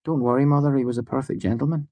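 A man's voice: medium pitch, fairly even intonation, rapid-fire, dark tone, no echo, pitched above the performer's own voice, close to an everyday voice. A man voicing an elegant young woman who speaks in a light, teasing, amused way.

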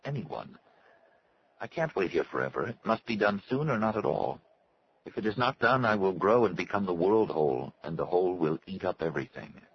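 A man reading as a frightened old man, begging for help in a low, hushed voice. The sound is slightly dull, with faint hiss behind it. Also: expressive, normal speed. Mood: pleading.

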